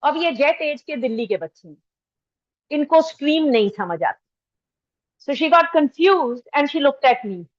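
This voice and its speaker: A woman's voice: high-pitched, lively intonation, very fast. A woman with an Indian English accent, telling a story as she lectures faculty and turning to speak straight to the audience. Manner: storytelling, switches into Hindi, addresses the audience directly. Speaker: faculty trainer. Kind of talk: anecdotal lecture. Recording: dull lo-fi recording.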